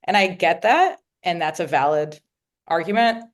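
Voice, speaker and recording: Low-voiced reflective woman guest. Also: moderate pace. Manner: reflective, openly emotional. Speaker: guest, nonprofit CEO. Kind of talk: conversational interview.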